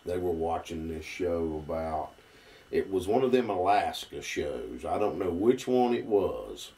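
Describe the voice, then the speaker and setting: Man, Southern accent, low voice, folksy drawl, a bit far from the mic. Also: lively intonation, a little slow, mellow. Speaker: guest. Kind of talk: casual conversation.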